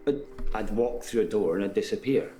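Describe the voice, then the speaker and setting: A detached patient who talks in an even, measured way, played by a man. His voice sits very low and deep. Faint game music plays behind him. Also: natural voice. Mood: flat, detached. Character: calm, detached British male patient who walks through doors. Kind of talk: full-motion video game dialogue.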